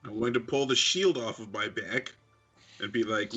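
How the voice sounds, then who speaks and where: A man's voice: fairly low pitch, normal speed, sharp tone, husky, soft background music. A man playing a tabletop game, blunt and joking, rambling about his character's ideas. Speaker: player. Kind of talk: tabletop role-play chat.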